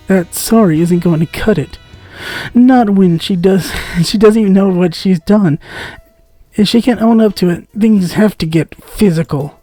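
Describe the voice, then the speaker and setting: A man's voice: high voice, moderate pace, warm tone, faint music behind. A man giving let's-play commentary, reading game text aloud and making joking asides with frequent giggles. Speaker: gaming content creator.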